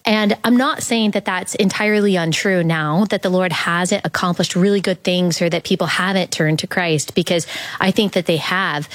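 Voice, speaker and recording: A woman's voice: medium pitch, no echo. A woman in her thirties, talking earnestly and thoughtfully in an interview, with lots of "like" fillers. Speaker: podcast guest. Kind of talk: reflective interview talk.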